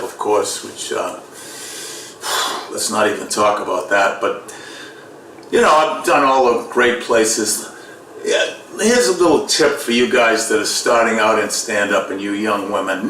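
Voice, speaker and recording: A man with a Boston accent doing a sarcastic stand-up comedy routine. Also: on the low side. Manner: sarcastic, deadpan delivery with loud mock voices. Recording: echoey room, distant mic, faint noise.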